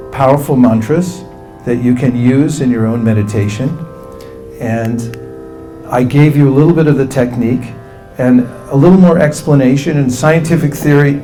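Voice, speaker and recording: A man giving a spiritual talk as a meditation teacher, calmly instructing listeners and leading them in mantra chanting. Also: medium pitch. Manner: calm, instructive, leads the audience through chanting.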